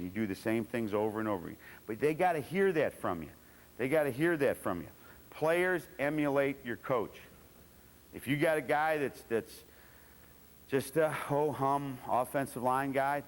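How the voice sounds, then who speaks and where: Blunt, salty football coach lecturing a clinic, mid-pitched, long hall reverb. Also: male voice. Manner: blunt, profane, acts out players' voices.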